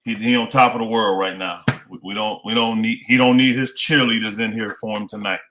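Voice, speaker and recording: A man's voice: lowish voice, steady tone, fairly quick, background noise. A man co-hosting a live sports talk stream, talking casually and emphatically, pressing viewers to like the stream. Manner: emphatic, urges viewers to hit like. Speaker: co-host.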